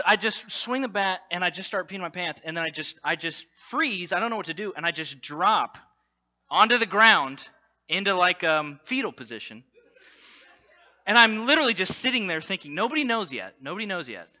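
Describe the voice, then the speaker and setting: A man addressing a congregation, telling a self-deprecating personal story with lots of fillers and animated storytelling. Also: sits high, dull audio. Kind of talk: humorous personal story in a talk.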